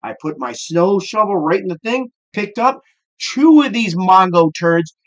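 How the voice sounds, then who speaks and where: A middle-aged man with a Midwestern American accent, hosting a casual cooking show as a gruff, profane curmudgeon. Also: sits high, animated, unhurried, a bit bright.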